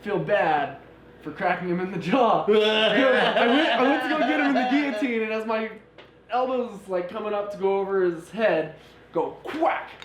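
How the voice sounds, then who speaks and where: A man's voice: high-pitched, moderate pace, crowd noise. A married man co-hosting a podcast, telling stories in a casual way, with fillers and some swearing. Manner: relaxed storyteller with fillers, swears, laughs at himself. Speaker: podcast co-host. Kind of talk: casual chat. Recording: echoey room with faint noise.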